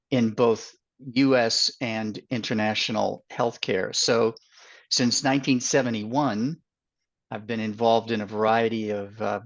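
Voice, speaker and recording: Older Boston man, halting webinar talk. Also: mid-range voice. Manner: halting, many fillers. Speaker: guest consultant. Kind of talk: webinar interview. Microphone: video call. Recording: dull lo-fi audio.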